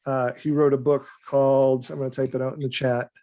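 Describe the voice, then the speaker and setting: A man's voice: medium pitch, little pitch movement, fairly quick, dark tone. A man, a guest author, talking casually on a video call, rambling with restarts and small laughs. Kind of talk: casual interview chat.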